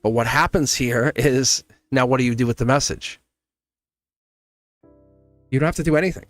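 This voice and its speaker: A man's voice: medium pitch, normal speed, dry recording, soft background music. A man giving a casual tarot reading to camera. He is chatty and reassuring, often asks "see?" and chuckles as he talks. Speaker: tarot reader.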